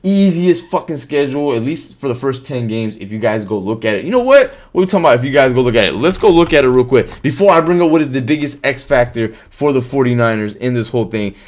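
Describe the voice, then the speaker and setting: Animated man talking football. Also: medium pitch. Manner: animated, swears freely, reads chat comments aloud. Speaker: podcast host. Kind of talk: casual live-stream sports talk.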